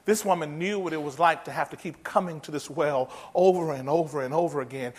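High-voiced, animated male preacher. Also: a little fast, breathy edge. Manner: animated, folksy, humorous. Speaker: pastor. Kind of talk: sermon.

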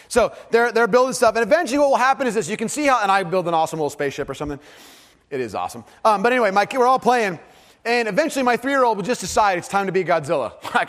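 A man in his thirties preaches with an earnest, fairly high voice. He drops to a hush for the heavy moments and turns animated when he tells a story. The sound rings with the long reverb of a large hall. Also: racing. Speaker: pastor. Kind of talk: sermon.

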